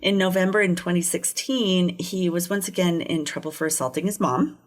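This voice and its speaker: A woman's voice: fairly low pitch, normal speed. A woman co-hosting a podcast, telling a true crime case in a casual way and laughing often. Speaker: podcast co-host.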